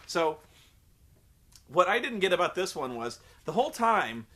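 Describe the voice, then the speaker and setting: A man's voice: high-pitched, sing-song, unhurried, bright, forceful tone. A young man recapping a wrestling show in a sarcastic, profane, rambling comedic commentary.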